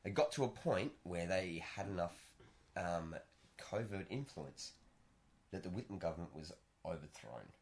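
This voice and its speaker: A man with a low voice co-hosts a casual podcast. He tells stories with energy and jumps into louder, higher voices when he acts out both sides of an argument. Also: very animated, normal speed, a little hiss or hum. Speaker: podcast co-host. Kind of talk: casual chat. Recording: stereo podcast mic.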